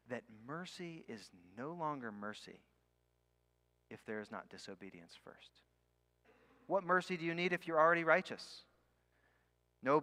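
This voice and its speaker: A man preaching a sermon. He leans hard on key words, slows right down on them, and sometimes drops almost to a whisper. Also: a little high, a bit bright. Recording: long hall reverb.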